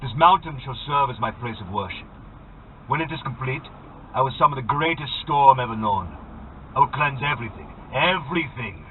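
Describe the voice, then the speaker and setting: A man voicing a cruel, grandiose fiery man who speaks slowly and coldly, heard over a tinny, phone-like line with faint noise. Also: medium pitch, expressive, natural voice.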